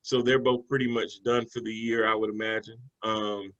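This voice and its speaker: Man, sports co-host, bright tone, easygoing and chatty, with fillers. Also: lowish voice, little pitch movement, normal speed, highs cut off. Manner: conversational, loose with fillers and restarts. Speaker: sports talk show co-host. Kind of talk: casual sports analysis chat.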